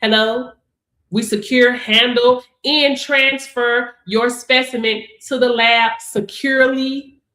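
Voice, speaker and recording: A woman's voice: fairly high pitch, fairly even intonation, slow, pushed and bright, roomy sound. A woman coaching her audience in a sassy, emphatic, casual way, laughing often and calling listeners baby. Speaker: business coach. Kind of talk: casual motivational talk to camera.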